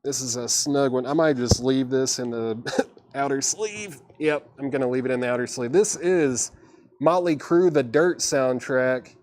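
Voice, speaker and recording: A man's voice: medium pitch, a little mellow, no room sound. Man running a casual live record sale. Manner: casual, chatty, quick patter with laughs. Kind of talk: livestream auctioneering.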